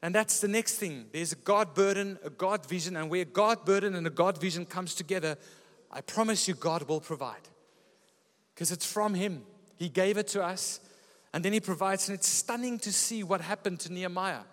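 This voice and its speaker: A fairly high-voiced man preaches a sermon, telling stories in a lively way. His voice rings out in a church hall with a long echo. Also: moderate pace. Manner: lively storytelling preacher, often laughing. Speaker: pastor.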